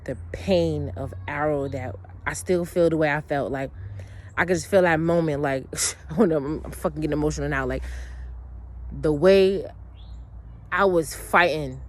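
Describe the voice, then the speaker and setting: A woman with a low voice speaks a little slowly, pausing often, as she tells a long personal story. Her casual monologue is blunt, emotional, and full of swearing, with rambling restarts and asides.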